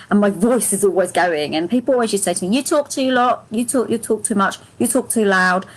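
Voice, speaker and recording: Breathy lady doing a live angel card reading, warm affirmations, gentle soothing talk. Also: mid-range voice, poor audio. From United Kingdom. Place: home, live stream.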